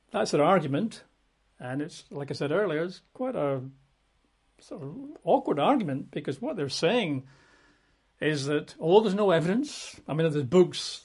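Conversational preacher, fairly high voice. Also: male voice, unhurried, husky. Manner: relaxed conversational, many asides and self-corrections. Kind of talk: sermon Bible teaching.

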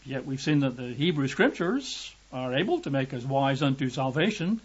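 A man from Britain preaching a lively, emphatic sermon, raising his voice to act out quotes. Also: moderate pace, slightly rough. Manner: lively emphatic, acts out quotes with raised pitch. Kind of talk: sermon teaching. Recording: dull lo-fi recording.

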